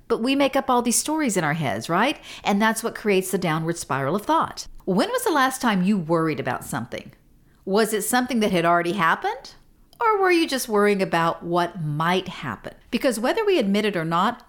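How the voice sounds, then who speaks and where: A middle-aged woman hosting a podcast, telling a story in a casual, animated, self-deprecating way with frequent laughs. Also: medium pitch, normal speed. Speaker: podcast host.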